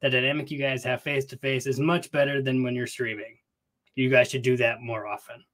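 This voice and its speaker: A man's voice: medium pitch, level tone, brisk, fairly bright tone. A man co-hosting a book podcast in casual chat, playful and jokey, recorded in a small closet. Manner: playful, jokey, chatty with filler words. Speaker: podcast co-host.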